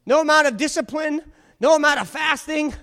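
High-voiced fervent male preacher. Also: a little fast, gravelly, pushed and bright. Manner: fervent, exhorting, calls for congregation responses. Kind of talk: sermon. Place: church before a congregation.

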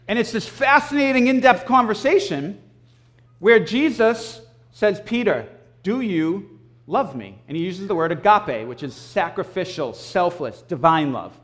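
High-voiced man preaching casually. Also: normal speed. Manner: animated, casual storytelling with frequent throat clearing. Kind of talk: conversational sermon.

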